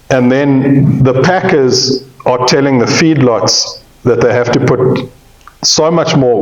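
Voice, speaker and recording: Folksy and joking, this man presents cattle ahead of a sale and keeps checking in with the crowd, as a cattle industry speaker would. He has a mid-range voice with a darkish tone, captured in a roomy, slightly muffled recording.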